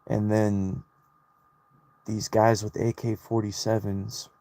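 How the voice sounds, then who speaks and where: A young solo vlogger rambles through a personal story in a low, gravelly voice that is dark and mellow. He speaks slowly, flatly and almost with a sigh, swearing constantly and restarting his thoughts as he goes.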